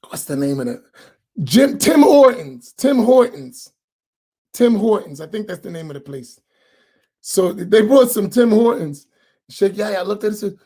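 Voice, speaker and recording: Imam, male, chatty and animated storyteller, laughs a lot. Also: high voice. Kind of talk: casual talk after dawn prayer.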